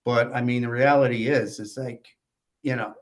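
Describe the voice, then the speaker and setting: A man's voice: medium pitch, fairly even intonation, normal speed. A man from New York speaks as a podcast guest in a mid-range voice, easygoing and conversational. He recounts grim work stories in a plain, matter-of-fact manner and keeps dropping little "you know" asides. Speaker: podcast guest, former death investigator. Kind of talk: casual storytelling conversation.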